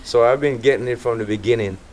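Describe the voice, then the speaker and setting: A middle-aged Jamaican man, an artist as guest, telling stories in a relaxed casual interview. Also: medium pitch, fast, slight background noise. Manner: relaxed, animated storytelling with quoted voices.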